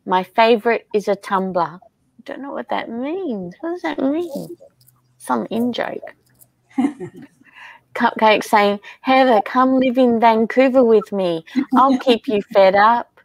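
A woman hosting a casual craft livestream, reading viewer comments aloud in an unhurried, chatty way and laughing often. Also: fairly high pitch, no echo.

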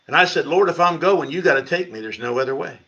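A middle-aged man, a pastor, telling his conversion story at a church Bible study, with lively storytelling that climbs high when he quotes himself. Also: fast talker, vocal fry. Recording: lo-fi livestream sound.

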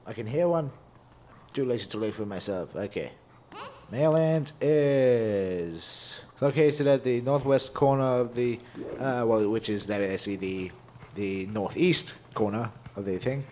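A man's voice: mid-range voice, unhurried, dark tone, a little hiss or hum. A man casually commenting on his own gameplay as a let's play host, mumbling to himself and cracking jokes.

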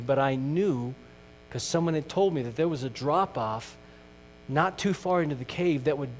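Pastor preaching in an echoing church. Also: male voice, on the high side. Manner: earnest, shifting from loud emphasis to hushed questions. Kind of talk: sermon. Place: church sanctuary. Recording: distant mic in a reverberant church with mains hum.

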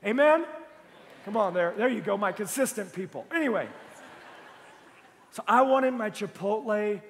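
The lead pastor preaches in a church auditorium, telling a goofy, humorous personal story with animated comic flair and bursts of shouting. His high voice is creaky at normal speed. The recording carries the long reverb of a large church hall plus slight background noise.

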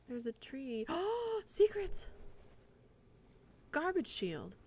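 A woman's voice: sits high, very animated, drawn-out words, darkish tone, a little hiss or hum. A woman streaming live gameplay commentary, muttering and swearing in frustration at the game as she plays.

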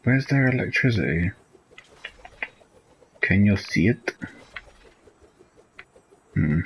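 A man with a deep voice chats through a live gameplay stream, drifting between thoughts, cursing casually, and letting sentences trail off. He talks at an unhurried pace, with a faint hiss of noise underneath. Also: lively intonation, gravelly, low-quality recording. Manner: rambling, swears freely, trails off. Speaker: live streamer playing a video game.

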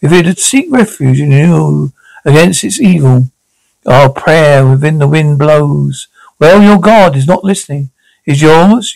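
A man with a gravelly, slightly higher voice reads a whole drama script aloud on his own. He takes every part in the same flat read-through manner and calls out the sound cues as he goes. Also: measured pace, poor audio. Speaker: reader voicing a TV drama episode.

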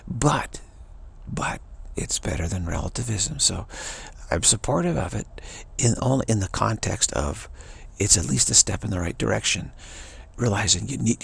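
A man giving a halting, rambling spiritual monologue, with frequent restarts and quick mocking voices for others. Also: medium pitch, vocal fry, breathy edge. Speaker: spiritual commentator.

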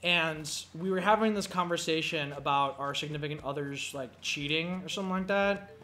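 A man's voice: on the high side, fairly quick, bright, forceful tone, slight background noise. A young man hosting a gameplay video, rambling through casual, profane stories with lots of fillers. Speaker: gameplay commentary host. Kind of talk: casual storytelling chat. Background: faint game music.

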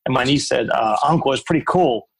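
A man, a guest author and speaker from Ohio, telling lively anecdotes in a podcast interview. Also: mid-range voice, brisk, creaky, breathy edge, rough recording. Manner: animated anecdotes with quoted voices.

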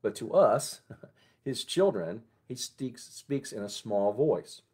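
A man who is a pastor, giving a conversational morning devotion and prayer in a gentle, unhurried way. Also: mid-range voice, lively intonation, husky.

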